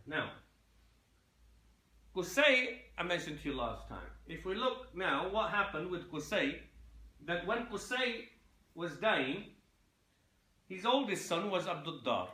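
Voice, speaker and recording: A man gives a loose, unscripted history lecture in a bright, fairly high voice. He halts often, repeats words and keeps asking his listeners if they follow. The room around him rings with echo. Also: very animated. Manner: halting, repeats words and fillers; checks in with listeners, asking "yeah?". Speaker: Islamic history teacher. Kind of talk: informal lecture on lineage.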